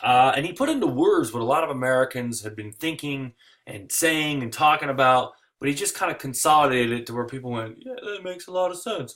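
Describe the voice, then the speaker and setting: A man giving a recorded history lecture, lively and digressive, with jokey asides. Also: on the high side.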